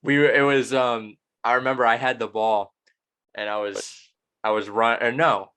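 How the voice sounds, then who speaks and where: A man's voice: medium pitch, level tone, normal speed, bright, forceful tone, clean tone. A young man hosting a podcast, rambling and self-deprecating in casual chat. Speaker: podcast host.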